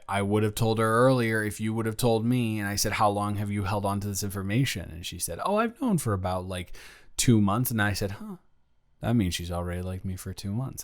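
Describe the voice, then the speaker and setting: A young man improvising a romantic audio roleplay, telling a story in a playful, teasing, rambling way. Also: lowish voice.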